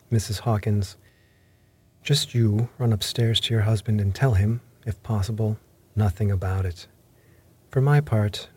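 A man playing a brisk, stern country doctor. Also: on the low side, warm tone, husky. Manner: brisk, commanding, dismissive.

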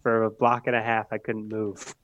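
A man's voice: lowish voice, monotone, moderate pace, a bit bright. A man co-hosting a podcast, laid-back and easygoing in casual chat. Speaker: podcast co-host.

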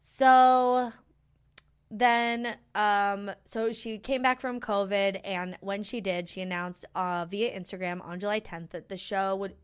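A woman's voice: medium pitch, steady tone, slow pace, clear, resonant tone. A woman rattling off gossip in a loose, casual chat. She pads almost every phrase with "like" and "um" and often restarts her sentences. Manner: chatty, many fillers like "like".

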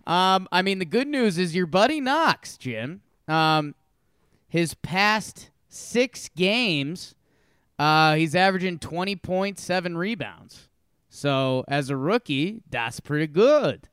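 Brief: man, podcast co-host on a remote call, relaxed and hesitant, slightly high, dry sound. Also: slow, clear, resonant tone, dry recording. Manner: relaxed, hesitant, with many fillers. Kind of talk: casual podcast chat about basketball.

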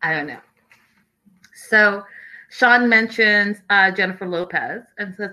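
A woman's voice: mid-range voice, slow, pauses often, bright, forceful tone, low-quality recording. A young adult woman hosting a casual live recap, gossiping about a reality show and answering viewer comments. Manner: chatty and gossipy, reads viewer comments aloud. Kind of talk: casual livestream recap chat.

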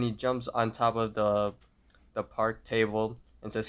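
Man, lowish voice, podcast co-host, casual recap, animated retelling. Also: moderate pace, smooth. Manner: retells scenes, acting out quotes loudly.

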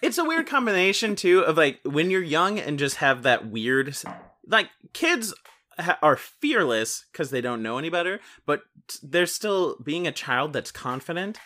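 Man, podcast co-host, bright tone, joking, swears, casual chat. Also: on the high side, sing-song, moderate pace. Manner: joking, swears, tells anecdotes.

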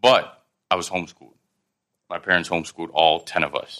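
Fast-talking deep-voiced young man. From Thailand. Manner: fast, animated storytelling with frequent laughs. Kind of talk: casual chat.

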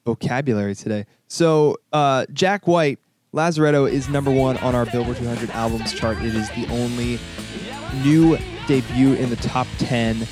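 A young man hosting a casual music podcast, chatty and halting with lots of fillers and restarts. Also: medium pitch, darkish tone, no echo, studio quality. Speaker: podcast host. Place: New York studio.

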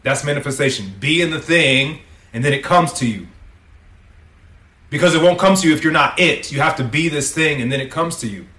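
A man's voice: on the high side, fairly quick, bright, forceful tone, roomy sound. A man hosting a podcast, giving a motivational monologue in a coaching, preachy way and swearing freely. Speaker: podcast host.

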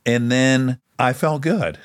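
A middle-aged man hosting a podcast, chatting casually and joking with animated swings up in pitch. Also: slow, dry recording, clean studio sound. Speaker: podcast host. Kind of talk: casual chat.

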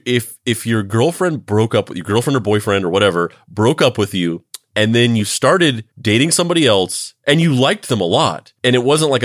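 A man's voice: mid-range voice, no echo, clean studio sound. A man co-hosting a podcast, chatting casually and loosely, repeating himself as he builds a point. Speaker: podcast co-host. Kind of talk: casual chat.

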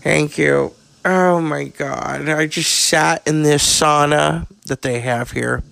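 A brash, bawdy older actress with a crude, campy delivery, as a man puts her on. The voice is heavily gravelly with lots of fry, and it is spoken slowly and deliberately. The sound is dry and close. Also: a little high, steady tone, a bit bright, dry recording, full character voice. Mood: bawdy, camp.

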